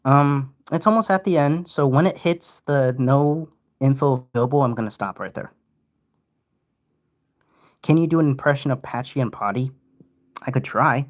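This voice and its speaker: A man's voice: medium pitch, moderate pace, pauses often. A young man giving casual, rambling livestream commentary, often interrupting himself. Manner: rambling, self-interrupting, animated. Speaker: streamer.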